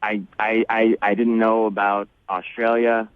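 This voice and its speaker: Nervous guy stumbling over his words, lowish voice, muffled phone sound. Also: level tone, smooth, no room sound. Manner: halting, stammering, earnest. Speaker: caller. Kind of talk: nervous on-air phone call.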